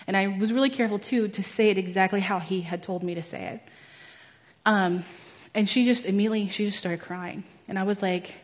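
A young woman telling a personal testimony in a chatty way, full of "like" and quick laughs at herself. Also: medium pitch, steady tone. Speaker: speaker at a church teaching.

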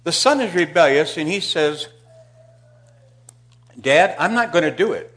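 Preaching in church, this man recounts a Bible story in a fairly high voice with lively intonation, taking his time. His delivery shifts from booming emphasis to quiet asides.

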